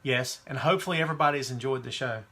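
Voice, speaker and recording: Speaking fast in a sharp, medium-pitched voice, this man hosts a wrestling podcast. He keeps the talk casual and opinionated, reading viewer questions from the live chat as he goes.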